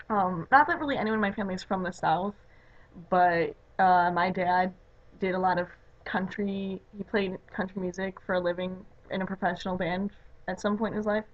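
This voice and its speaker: A young woman from the Chicago area, USA, chats casually in a home vlog, her Chicago accent clear as she rambles with plenty of "like" and "you know." Her voice is medium-pitched with fairly even intonation at a normal speed. The webcam audio sounds dull and lo-fi.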